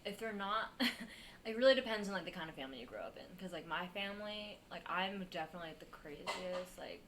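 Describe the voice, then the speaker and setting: A young woman from Queens talks bluntly and profanely on a casual podcast, laughing often. Her voice sits low but sounds bright and forceful. A faint hiss of noise sits behind her. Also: brisk. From Queens, New York. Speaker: podcast guest, comedian. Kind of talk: casual chat.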